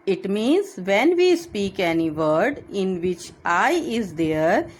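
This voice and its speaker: Slow, lively-voiced woman teaching phonics. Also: medium pitch. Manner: spells words letter by letter, repeats each word. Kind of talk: slow phonics lesson for children.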